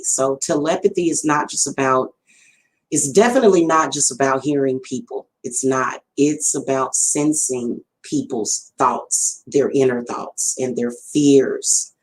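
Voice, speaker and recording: A woman's voice: extremely low pitch, a little mellow, low-quality recording. A middle-aged woman, a spiritual reader chatting casually to her viewers, rambling and addressing them directly. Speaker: spiritual reader and channel host. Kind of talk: casual livestream talk.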